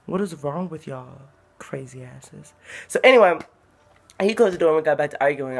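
Filming partly on a phone camera in her car, a young vlogger chats casually and shares stories, frequently breaking into giggles. She has a low-pitched voice with lively intonation and talks at normal speed.

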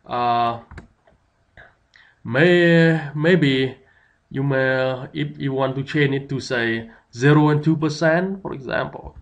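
A man's voice: medium pitch, takes it slowly. A man giving a tutorial, explaining step by step with many fillers. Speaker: instructor. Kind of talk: screen-recorded software tutorial.

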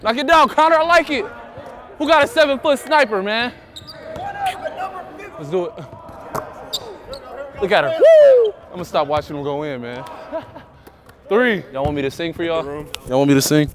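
A young man with a high, swooping voice trades loud, playful hype and teasing with teammates, picked up on a body mic. Behind him a busy indoor gym carries players calling out and balls bouncing. He talks like a college player mid-practice. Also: sing-song, moderate pace, long pauses, over a noisy crowd. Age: young adult. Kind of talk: mic'd up practice chatter. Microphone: body-worn mic.

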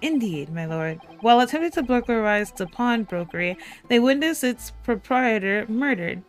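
A woman's voice: fairly high pitch, expressive, normal speed, faint music behind, natural voice. A woman voicing a formal, deferential male police inspector in a game courtroom.

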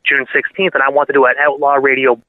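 A man telling a story in a casual interview, excitable and laughing, acting out what others said. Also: mid-range voice, quick pace, dry recording. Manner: excitable, laughing, acts out quotes. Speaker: radio host and guest. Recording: dry tinny phone line.

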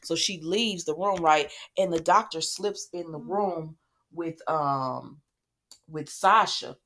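A woman casually recapping a soap opera, chatty and animated, acting out quoted lines. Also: low voice, slow.

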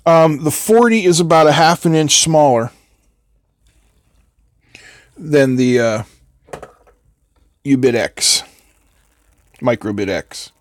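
An older man talks in a slightly higher voice, with a loose, rambling, chatty manner. He answers viewers while he works through a soldering build. The sound is dry and close. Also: takes it slowly, long pauses, dry recording. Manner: rambling, chatty, answers chat between steps. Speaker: host of an electronics build stream. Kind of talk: casual chat while soldering.

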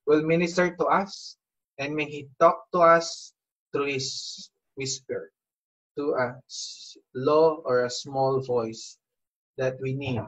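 Pastor guy giving a morning devotion, slow and earnest, lots of "you know", kinda dull lo-fi recording. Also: fairly high pitch, a bit bright. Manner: earnest and exhorting, with frequent "you know" fillers. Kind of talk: devotional sermon.

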